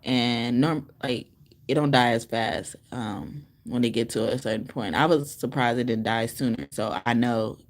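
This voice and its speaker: A woman's voice: very deep voice, fairly even intonation, measured pace. A woman giving a casual livestream tarot reading from a room in a shelter into her phone, rambling, swearing and laughing often. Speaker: tarot reader.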